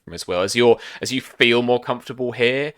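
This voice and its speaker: A man's voice: mid-range voice, a little fast, fairly bright tone. A man narrating as game master of a tabletop role-playing game, rambling and hesitant. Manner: rambling, hesitant, many fillers.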